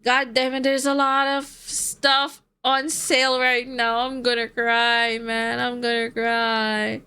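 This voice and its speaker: A high-pitched woman talks to her stream audience at an unhurried pace. She chats casually, laughs easily and swears freely as she answers viewers. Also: flat delivery, pushed and bright, clean tone. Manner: chatty, swears and laughs often, reads out chat.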